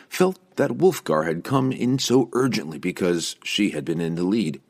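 A man reading a fantasy novel aloud as narrator in an expressive, varied delivery. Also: on the low side, breathy edge. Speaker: audiobook narrator.

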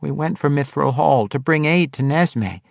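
A man voicing a small, frightened and injured male halfling with a squeaky, breathless voice. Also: normal speed, creaky, dry recording, clean studio sound. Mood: urgent.

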